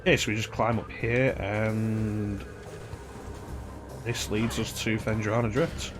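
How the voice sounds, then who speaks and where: A man's voice: fairly low pitch, little pitch movement, takes it slowly, over music. A man casually commenting on a game he is playing, rambling and humming to himself between remarks. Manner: rambling, chatty, hums and scats to himself. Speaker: streamer.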